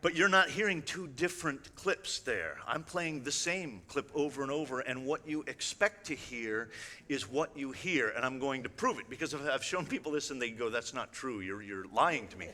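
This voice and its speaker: The speaker is an illusionist giving a conversational talk on a large hall's stage, his bright, mid-range voice at a moderate pace. He stays chatty and wry, addressing the audience directly with plenty of asides, while long reverb from the hall fills the recording.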